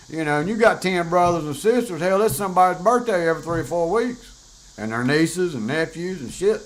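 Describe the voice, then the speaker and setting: An older man with a drawl tells his stories in a rambling, casual monologue. His voice sits slightly high for a man. He talks bluntly and peppers everything with profanity. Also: animated, fairly quick, low-quality recording. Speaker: podcast host.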